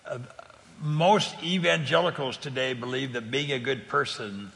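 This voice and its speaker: A man's voice: mid-range voice, moderate pace, gravelly, a bit bright, long reverb tail. An older man from California telling faith stories in an earnest, conversational way, often repeating words and laughing easily. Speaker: guest speaker on faith sharing. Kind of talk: conversational testimony.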